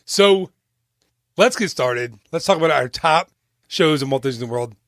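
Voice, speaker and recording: Male podcast host, joking and chatty, slightly higher voice, dry close mic. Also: expressive, fairly bright tone, dry recording. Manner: joking, chatty, quick asides. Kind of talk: casual chat.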